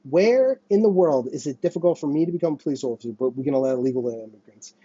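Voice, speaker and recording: Husky, agitated man in his thirties ranting. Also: a little high, lively intonation, fast talker, mellow, no room sound, muffled recording. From United States. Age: 30s. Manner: agitated, profane and repetitive. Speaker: channel host. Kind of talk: ranting monologue to camera.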